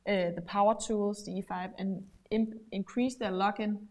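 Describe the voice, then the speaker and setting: A woman's voice: mid-range voice, fairly even intonation, moderate pace, darkish tone. A woman presenting a business webinar over a video call, explaining steadily with frequent fillers. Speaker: webinar co-host.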